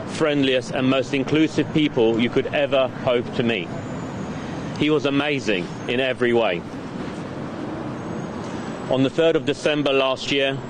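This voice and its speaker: Grave man over street noise. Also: mid-range voice. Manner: grave, measured. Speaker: victim's parent reading a statement. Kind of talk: prepared statement read aloud. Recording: street traffic noise behind. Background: clear traffic and street noise.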